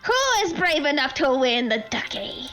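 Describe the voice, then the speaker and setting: A man's voice: very high voice, moderate pace, pushed and bright, faint music behind, full character voice. A woman voicing a male goblin fire performer who announces everything like a grand stage host. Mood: showman bluster. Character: showy male goblin fire-juggling showman.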